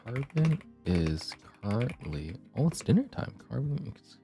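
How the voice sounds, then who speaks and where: A male streamer chatting casually and rambling with his viewers, his voice deep and gravelly from the morning, keyboard clicks on a desk mic. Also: big pitch swings, a little slow, warm tone, faint music behind. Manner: rambling, chatty, self-deprecating. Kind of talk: casual live-stream chat. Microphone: desk mic, keyboard clicks audible.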